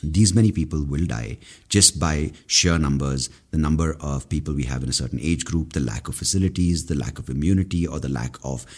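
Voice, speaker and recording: Very deep-voiced man ranting. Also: brisk, darkish tone, breathy edge. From India. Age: 30s. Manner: profane, exasperated, ranting. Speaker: podcast host. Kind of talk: solo podcast rant.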